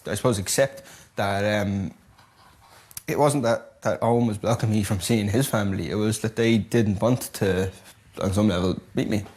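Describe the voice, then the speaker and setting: A man speaking softly and reflectively in a documentary interview. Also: fairly low pitch, moderate pace.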